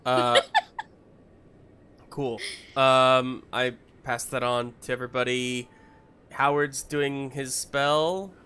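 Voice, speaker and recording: A player in a tabletop game, unhurried and a little unsure, with laughs between lines. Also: medium pitch, level tone, fairly bright tone, clean tone. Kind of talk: casual tabletop play.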